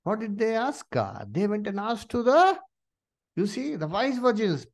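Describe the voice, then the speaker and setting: A man leads a Bible study. His pitch rises and falls in a lively way, and he keeps asking questions and leaning on "you see" and "uh" between phrases. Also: a little slow. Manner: many "uh" and "you see" fillers, rising questions to listeners.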